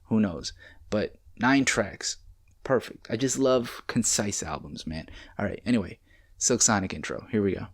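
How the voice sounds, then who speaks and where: Rambling excitable young man, low voice. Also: normal speed, breathy edge. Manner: rambling, excitable, swears casually. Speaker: music reaction host. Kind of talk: casual music reaction commentary. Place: home, late at night. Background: faint music playing.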